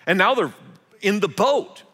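A man preaching a sermon as pastor, animated and repeating words as he goes. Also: high-pitched, a little slow, long reverb tail.

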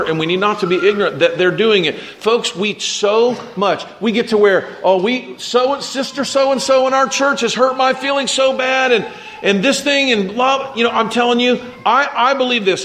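There's a little hiss or hum as a pastor with a high, fairly bright voice delivers a conversational sermon to his church. He reads passages of scripture aloud and discusses them, frequently starting his sentences over.

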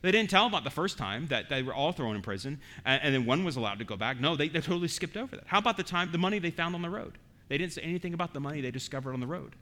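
A man's voice: on the high side, animated, rapid-fire, sharp tone. A man preaching an expository sermon as pastor, earnest and emphatic, often repeating words as he goes.

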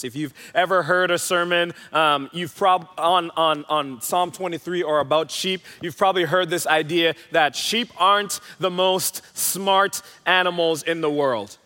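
A man's voice: on the high side, measured pace, hardly any pauses, bright, forceful tone, clear, resonant tone. A young man preaching a sermon in a large church hall, telling stories in a conversational, playful way. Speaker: pastor. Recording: hall reverb.

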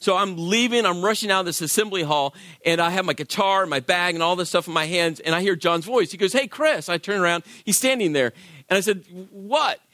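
A man's voice: high-pitched, brisk, no echo, studio quality. A man, a worship leader, telling a personal story as a sermon and acting out the voices of people in it. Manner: animated, acts out quoted voices.

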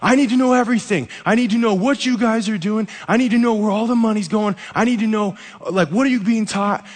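A pushy pastor playing bad cop, as a preacher acts him out, barking high and loud in a long, echoing hall. He makes loud, demanding interrogation in a voice pitched well above the preacher's own. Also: steady tone, a little fast. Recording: echoey hall reverb.

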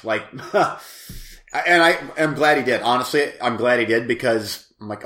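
A man's voice: mid-range voice, normal speed, a bit bright. Rambling man in an echoey room. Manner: rambling, self-interrupting, laughs easily. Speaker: podcast co-host. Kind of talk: casual chat, movie review.

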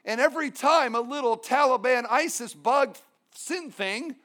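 A pastor with a strikingly high voice preaches a sermon with emphatic force. He mixes his points with humorous asides. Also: unhurried, a bit bright.

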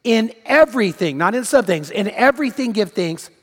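A man with a high voice delivers a sermon from the pulpit. He preaches emphatically, repeating his main points and voicing the people he quotes. His words carry a long reverb through a large church hall. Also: expressive, moderate pace. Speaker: pastor.

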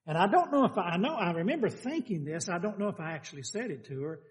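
An older man preaching a sermon, folksy and animated, firing questions at the congregation. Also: high-pitched, fast.

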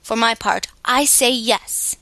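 A man's voice: very high voice, slow pace, creaky, bright, forceful tone, dry recording, full character voice. A woman voicing an abrupt, impatient male gnome king calling for a vote.

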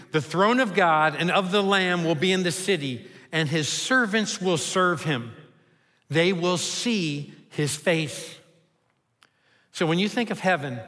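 A man's voice: on the high side, pushed and bright, in a large hall. A man preaching a sermon as a pastor, building long rhythmic lists with rising and falling intensity.

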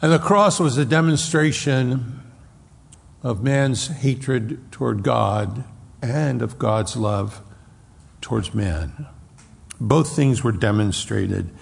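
A man preaching an expository sermon, slowing down and stressing key words as he explains a Bible passage. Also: medium pitch, vocal fry, breathy edge, big-room sound. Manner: slow deliberate Bible exposition with emphatic stresses.

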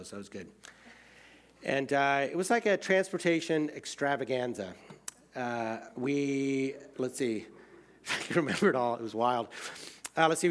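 An American man telling a personal travel story in a casual way, full of fillers, swinging between excited outbursts and quiet, hushed moments. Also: mid-range voice. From United States.

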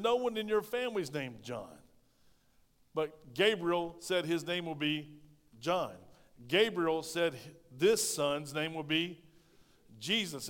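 A pastor delivering a sermon in a high, lifted voice, punctuating points with asides to the congregation. His delivery swings between loud bursts and hushed remarks. The recording carries the long reverb of a large church hall. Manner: preaching with call-and-response asides, swings between loud and soft. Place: church sanctuary.

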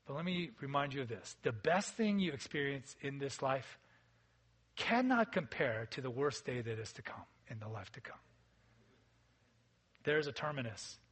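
A man preaching a sermon as a pastor, in a conversational way that swings between loud emphasis and quiet, intimate asides. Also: medium pitch, big pitch swings, normal speed, husky.

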